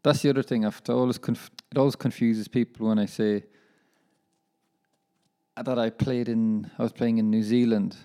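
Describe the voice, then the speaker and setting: A man's voice: mid-range voice, fairly even intonation, normal speed, long pauses, mellow. A young man hosting a casual solo podcast, chatting in a rambling, self-deprecating way and calling his listeners lads. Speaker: professional footballer and podcast host.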